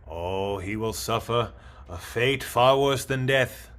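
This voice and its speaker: A theatrical, menacing terrorist villain who gloats at a slow, drawn-out pace, as a man puts him on for a comedy bit. His lines come with sinister cackles and exaggerated threats. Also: mid-range voice, natural voice.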